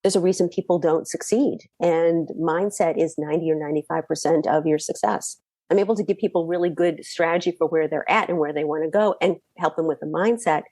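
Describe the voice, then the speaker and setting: Middle-aged woman from boston, coach guest, chatty and animated, lowish voice, dry sound. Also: brisk, dry recording. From Boston area, USA. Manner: animated, chatty, frequent fillers. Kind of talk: conversational storytelling.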